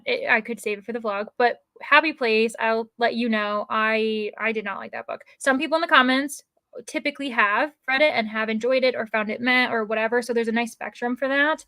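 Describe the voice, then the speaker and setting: A woman's voice: a little high, sharp tone, no echo. Chatty American woman, dry close mic. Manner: chatty, rambling, many fillers. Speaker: livestream host. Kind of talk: casual chat reading out viewer comments.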